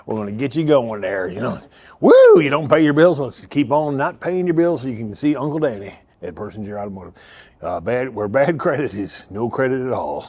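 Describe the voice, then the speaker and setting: In an off-the-cuff, joking ad for his own car lot, the owner rambles, cracks himself up, and keeps cutting himself off and losing his place. He has a mid-range, darkish voice, recorded with no room sound.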